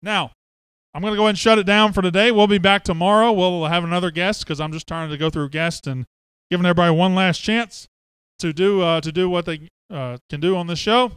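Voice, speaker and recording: A man's voice: sits high, fairly even intonation, fairly quick, fairly bright tone, smooth, no echo. A man hosting a sports podcast, chatty and joking as he reads viewer comments aloud. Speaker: podcast host. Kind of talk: casual sports podcast chat.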